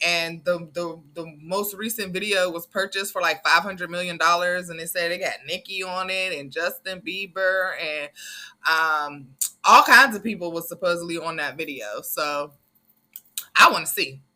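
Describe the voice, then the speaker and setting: Woman reaction host, very bright voice, emphatic and chatty, loose slang. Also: lowish voice, unhurried. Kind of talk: casual reaction commentary.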